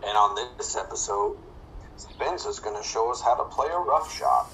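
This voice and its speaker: A man hosting casual commentary, calmly explaining his shots step by step while he plays. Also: fairly low pitch, normal speed, slight background noise, rough recording. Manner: relaxed, explaining tips step by step. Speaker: host.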